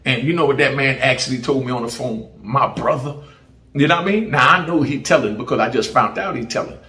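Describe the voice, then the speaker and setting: A man's voice: mid-range voice, quick pace, pushed and bright. A middle-aged man from Jamaica with a Jamaican accent, telling his prison story in casual street slang and acting out the voices of others. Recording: roomy echo.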